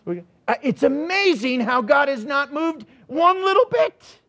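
A high-pitched man preaching a fervent sermon. He drops to near-whispers, then surges into shouted emphasis and acts out little voices along the way. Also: big pitch swings, measured pace, few pauses. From United States. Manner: dramatic, acts out voices, swings from soft to shouting. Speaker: pastor.

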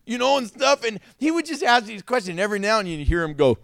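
A man's voice: high-pitched, lively intonation, fast talker, creaky, hardly any pauses, fairly bright tone, no room sound, clean studio sound. A man preaching a sermon as pastor, telling stories animatedly and laughing often.

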